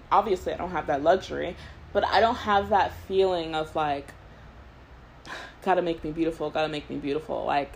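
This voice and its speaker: A woman's voice: fairly low pitch, a little hiss or hum, poor audio. A woman in her twenties hosting a podcast, telling a long story in casual chat, rambling with lots of "like" and laughing between thoughts. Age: 20s. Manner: rambling storyteller, heavy use of "like". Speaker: podcast host.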